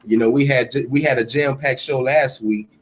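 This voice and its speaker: A man's voice: fairly even intonation, normal speed. A man hosting a boxing podcast alone, ranting heatedly with profanity and repeating himself for emphasis. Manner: heated, profane ranting with sudden swells in pitch and loudness. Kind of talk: solo podcast commentary.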